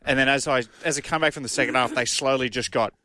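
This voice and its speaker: A man's voice: medium pitch, steady tone, fast, sharp tone. A man telling self-mocking stories as a radio co-host. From Newcastle, Australia.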